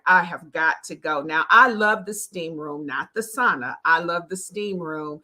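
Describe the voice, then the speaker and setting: A woman's voice: lowish voice, pushed and bright. A woman with a Southern accent, a success coach and podcast host, talking on her own live stream in an earnest way about faith and encouragement. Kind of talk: solo live stream talk.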